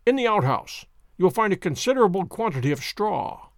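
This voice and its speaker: A man's voice: high-pitched, very animated, brisk, no room sound, studio quality. A man reading the lines of a confident, wry detective, poised and commanding in an audiobook. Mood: rallying. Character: sharp, confident male detective, theatrical.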